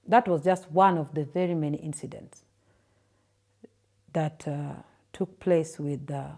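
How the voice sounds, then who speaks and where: A Kenyan woman in her thirties recounts her own experiences in an interview, speaking softly with frequent fillers and repeated words. Her voice sits a little low and sounds warm and mellow rather than bright. The pace is unhurried and personal. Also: vocal fry. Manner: soft, halting storytelling with repeated words and fillers. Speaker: guest telling her story.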